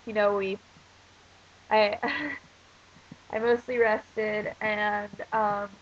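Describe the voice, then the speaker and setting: An American teenage girl, sick with a stuffy nose and a cough, vlogs casually about life as an exchange student, rambling and ranting with plenty of fillers. Her mid-range voice holds a steady tone and moves very slowly. The lo-fi recording sounds dull, with a little hiss or hum.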